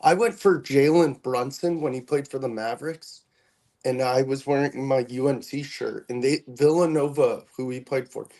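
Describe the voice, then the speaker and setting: A man in a casual convention chat, telling relaxed anecdotes. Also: medium pitch, moderate pace, low-quality recording.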